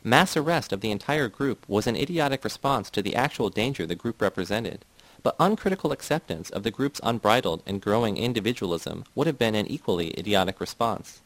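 A man's voice: on the low side, expressive, brisk, no echo, low-quality recording. A man voicing a doctrinaire male party ideologue who lectures in a condescending tone. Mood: lecturing.

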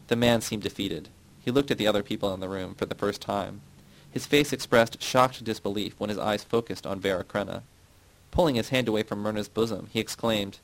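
A man narrating a novel in a measured reading voice, giving the characters' quotes a light touch. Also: lowish voice, low-quality recording. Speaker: audiobook narrator. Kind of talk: scripted narration.

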